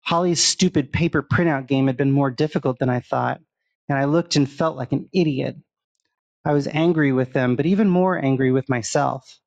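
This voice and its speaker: A man reading a first-person horror story aloud in a steady storytelling manner. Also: medium pitch, moderate pace, vocal fry, dry recording, dull audio. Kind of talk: scripted horror narration.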